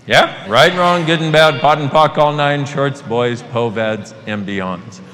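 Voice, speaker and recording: A man giving a live motivational talk to an audience, animated and playful, swearing casually. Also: mid-range voice, a little slow. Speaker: workshop facilitator. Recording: long hall reverb, faint noise.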